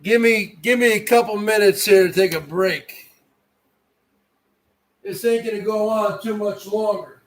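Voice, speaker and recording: A tired man with a hoarse voice, chatting loudly and bluntly on a live stream. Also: high voice, unhurried, pauses often. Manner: loud, blunt, swears. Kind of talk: casual live-stream chat.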